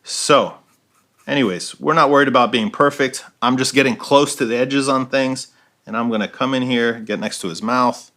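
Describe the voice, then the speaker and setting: A man walks through a painting lesson as he works, describing each brushstroke. His voice is bright and forceful at a middle pitch. He often ends a point with a quick "right?". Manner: explains while painting, checks in with frequent "right?". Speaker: art instructor. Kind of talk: step-by-step painting tutorial.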